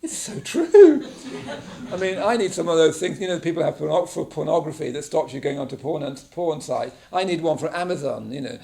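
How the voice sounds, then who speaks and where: With vocal fry, a quick pace, few pauses and a slightly mellow voice on the high side, an English man teaches mindfulness. He talks to the group conversationally in the meditation room, checking in with many "yeah?"s.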